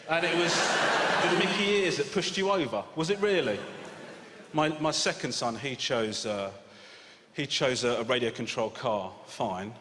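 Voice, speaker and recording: A man in his forties with an English accent doing a sardonic, exasperated stand-up routine with loud outbursts. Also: medium pitch, moderate pace. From England. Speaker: stand-up comedian. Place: large venue with a live audience. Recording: live hall reverb with loud audience noise.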